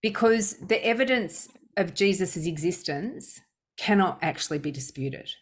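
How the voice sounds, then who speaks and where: A woman hosting a podcast, telling a personal story in a casual, animated way with lots of restarts. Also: on the low side, unhurried. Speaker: podcast host.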